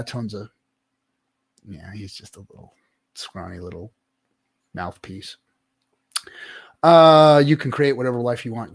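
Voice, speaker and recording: A middle-aged man hosting a livestream, giving profane, preachy motivational rants to his chat with sudden loud swings. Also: mid-range voice, no room sound, clean studio sound. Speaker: livestream host. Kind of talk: casual livestream chat reading viewer comments.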